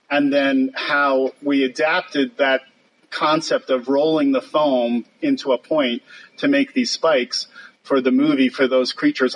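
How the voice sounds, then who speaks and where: Husky older man telling studio stories. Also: medium pitch, rough recording. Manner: lively storyteller who mimics others and laughs often. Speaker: guest puppet sculptor. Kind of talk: anecdotal talk over slides.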